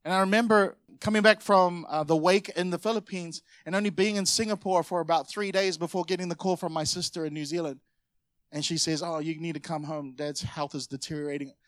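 A male pastor with a high voice delivers an emotional sermon in a church, repeating himself as he tells a personal story. The sound is dry and close, with little room echo. He builds from quiet reflection to firm exhortation. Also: steady tone, brisk. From Samoan family. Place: church hall.

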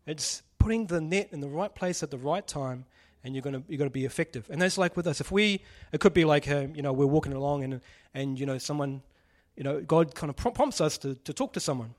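A man's voice: a little high, expressive, fairly quick, few pauses. A man preaching a casual sermon, joking and putting questions to the congregation. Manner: chatty, jokey, asks the audience questions.

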